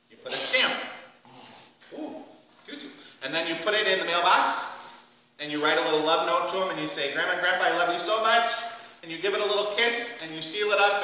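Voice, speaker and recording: A man with a high, bright voice leads a children's message, gently asking questions and playing along with the kids. He is picked up from a distance in an echoey church hall with a long reverb, and a faint hiss sits underneath. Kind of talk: children's sermon. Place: church sanctuary.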